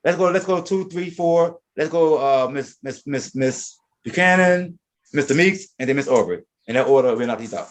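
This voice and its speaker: A man's voice: a little high, expressive, normal speed. A man teaching a Spanish class, explaining verb forms and often repeating and restarting his words. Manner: reads out verb conjugations one by one. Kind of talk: classroom lesson.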